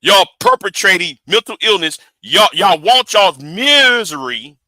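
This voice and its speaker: A man's voice: high voice, animated, a little slow, bright, forceful tone, dry recording. A man hosting a livestream, giving heated commentary in an emphatic, profane way and repeating words when he gets worked up. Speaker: livestream host.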